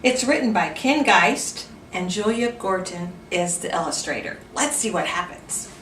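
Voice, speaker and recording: Lively woman reading a children's story. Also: fairly low pitch, a little slow, roomy sound, far from the mic, a little hiss or hum. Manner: animated, asks listeners questions. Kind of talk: children's storytime read-aloud.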